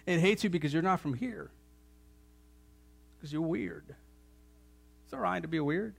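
A man preaching a sermon in church, animated, with joking asides and sudden jumps to a louder, higher voice for emphasis. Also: unhurried, gravelly, long pauses, slightly rough. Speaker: pastor.

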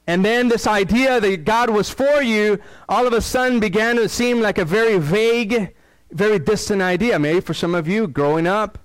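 A middle-aged man preaching a sermon in an easy, conversational way, with a fairly high voice. He repeats his key phrases and drops in self-deprecating asides. The sound is dry and close, with no room echo. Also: smooth. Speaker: pastor.

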